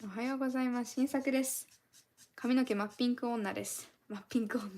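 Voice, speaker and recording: A woman's voice: on the high side, steady tone, rapid-fire, warm tone. A woman streaming live as she colors, chatting in a rambling, casual way and thanking her viewers often.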